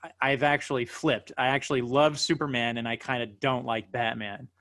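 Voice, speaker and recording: A man co-hosting a podcast asks the guest questions in an eager, chatty way. His voice is mid-pitched and the recording is close and dry, with no room around it. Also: steady tone, normal speed, a bit bright, no echo. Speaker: podcast co-host. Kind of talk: casual interview questions.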